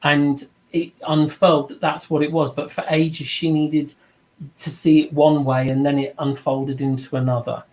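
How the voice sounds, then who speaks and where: A man's voice: fairly high pitch, flat delivery, moderate pace, darkish tone, low-quality recording. Earnest middle-aged man teaching. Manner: earnest, reflective, acts out quoted voices. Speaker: mediumship teacher. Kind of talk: informal spoken teaching.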